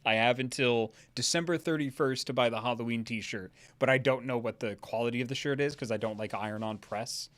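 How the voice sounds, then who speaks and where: A man co-hosting a stream, telling an animated, profane story in casual chat. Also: medium pitch, fairly quick, hardly any pauses. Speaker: stream co-host.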